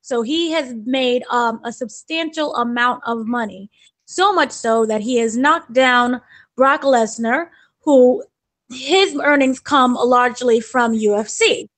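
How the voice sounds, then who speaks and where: A woman with a high, light voice reads through the week's stories for a podcast. She keeps it chatty and relaxed. It sounds like casual talk among co-hosts. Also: slow. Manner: chatty, relaxed news rundown. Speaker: co-host, news presenter.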